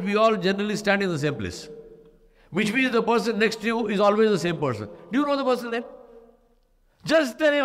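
A man giving a sermon as an imam in a mosque, telling a story with lively pitch shifts and repeated phrases. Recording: long hall reverb.

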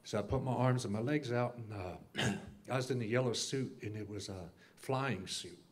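A man in a church class recounting a long dream in detail, acting out the lines of the people in it and clearing his throat often. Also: mid-range voice, moderate pace. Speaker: class member sharing a dream.

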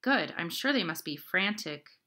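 A woman's voice: fairly low pitch, animated, a little slow, pushed and bright, exaggerated voice. A woman voicing a worn-out young woman who talks to her little sister in a tired, sighing, reassuring way. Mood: weary.

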